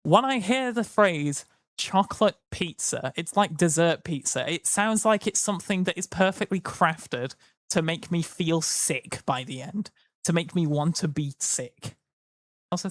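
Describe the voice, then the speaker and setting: A man's voice: fairly high pitch, lively intonation, normal speed, a bit bright, no echo. A tired man chatting casually to his live-stream audience, rambling and joking. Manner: rambling, jokey, slips into silly voices. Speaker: livestreamer.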